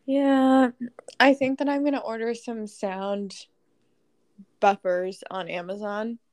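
A woman's voice: a little high, level tone, takes it slowly, a little mellow. Woman with dry, short quips. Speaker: podcast co-host. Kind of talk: casual chat.

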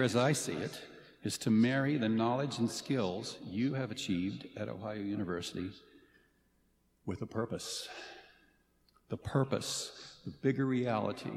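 A man's voice: fairly low pitch, gravelly, a little mellow, slight background noise. Man giving a commencement speech in a hall. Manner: earnest and playful, with dramatic pauses. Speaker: faculty commencement speaker. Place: large ceremony hall. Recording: reverberant hall, faint ambience.

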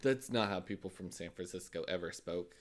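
Low-pitched male co-host, blunt, swears freely, riffs on anecdotes. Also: brisk. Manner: blunt, swearing, riffing on stories. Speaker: podcast co-host. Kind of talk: casual comedic chat.

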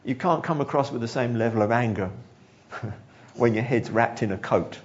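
A man preaching a sermon, telling the story with animated delivery, acting out quotes and chuckling now and then. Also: medium pitch, moderate pace, highs cut off.

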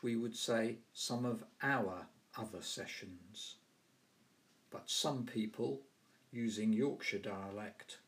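Southern English host, low voice, very slow and measured. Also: male voice. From London and the South of England. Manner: measured, carefully spoken. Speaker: podcast host. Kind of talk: scripted language explanation.

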